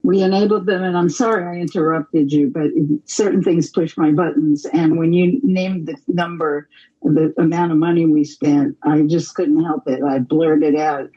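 Brief: woman hosting a casual call-in podcast, dark husky voice, blunt. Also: low voice, steady tone, normal speed, dull audio. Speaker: host. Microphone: call-in app.

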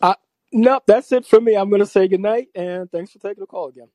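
A man calling in to a talk show, speaking in a relaxed, easygoing way. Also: high-pitched, fairly quick, no room sound. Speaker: caller. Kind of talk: casual call-in chat.

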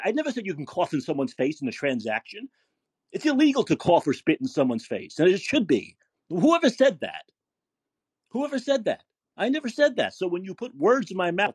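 Combative high-voiced man yelling. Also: breathy edge, dry recording. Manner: yelling, combative, repeats himself. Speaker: podcast host. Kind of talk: heated call-in argument.

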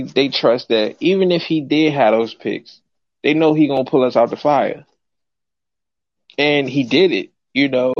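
A man hosting a call-in sports podcast in casual chat, slangy and animated, laughing often. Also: mid-range voice, no echo. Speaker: podcast host. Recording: dry, dull lo-fi audio.

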